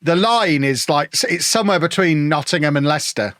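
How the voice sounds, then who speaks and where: A man's voice: fairly high pitch, expressive, a little fast, fairly bright tone, dry recording, studio quality. A man from England, chatting casually and joking with his chat while streaming a football management game. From Peterborough, England.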